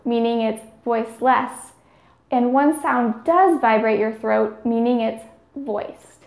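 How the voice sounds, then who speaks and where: A woman's voice: fairly high pitch, creaky, roomy sound. A woman giving scripted speech therapy instruction, carefully demonstrating each sound.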